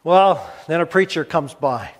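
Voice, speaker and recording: A man's voice: fairly high pitch, lively intonation. Male pastor preaching in an echoey hall. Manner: dramatic pauses, swings from emphatic to hushed. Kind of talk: sermon.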